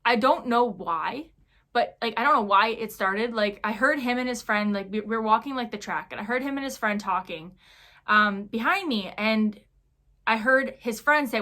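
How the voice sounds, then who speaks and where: A woman's voice: a little high, fairly quick, a bit bright. A young woman talking casually in a vlog Q&A, chatty and full of fillers, telling stories with animation. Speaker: YouTuber.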